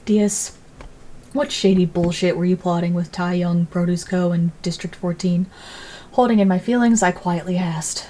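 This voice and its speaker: A woman reads a dark story aloud in the first person. Her voice sits a little low and stays even and deliberate. She is narrating at home for a fan reading. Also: slight background noise.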